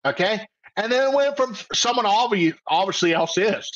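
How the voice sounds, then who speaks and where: A man teaching options trading in a live webcast, animated and full of rhetorical questions, tagging "okay?" onto his points. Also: sits high, moderate pace, dull audio. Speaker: trading coach.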